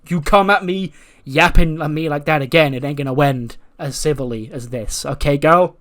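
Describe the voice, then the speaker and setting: A man's voice: on the high side, normal speed, fairly bright tone, natural voice. A man voicing a brash female wrestling champion, sassy and dismissive.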